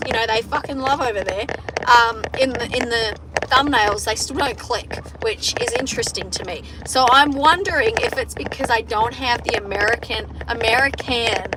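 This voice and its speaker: A woman's voice: high voice, heavy background noise. A young Australian woman who farms, chatting casually and bluntly on a livestream while reading comments, swearing freely. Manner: profane, blunt, joking. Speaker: farmer livestreamer.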